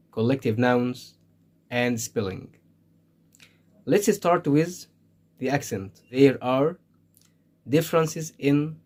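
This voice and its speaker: A man's voice: medium pitch, darkish tone. A man with an Egyptian Arabic accent, a native Arabic speaker, teaching an English lesson and saying single words with care to show how they sound. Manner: slow, deliberate, stresses single words to model pronunciation. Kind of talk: slow spoken language lesson.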